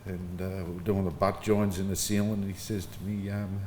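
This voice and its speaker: Middle-aged Aussie man, lowish voice, easygoing anecdotal eulogy, roomy hall with faint background hum. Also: flat delivery, moderate pace, a little mellow. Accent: Australian. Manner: casual storytelling, chuckling between anecdotes. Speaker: son giving a eulogy. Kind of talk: informal funeral eulogy. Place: funeral service hall. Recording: echoey hall with faint ambience.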